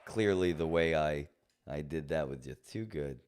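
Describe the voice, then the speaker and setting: A man's voice: a bass voice, measured pace, a little mellow, clear, resonant tone. A man casually commentating his own gameplay on a live stream, playfully teasing his chat. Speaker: gaming streamer.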